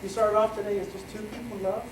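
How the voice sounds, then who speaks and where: A man's voice: high-pitched, fairly even intonation, background noise. Rambling middle-aged man giving a wedding toast. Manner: rambling, joking, halting with fillers. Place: wedding reception hall. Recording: echoey hall from far off, crowd chatter.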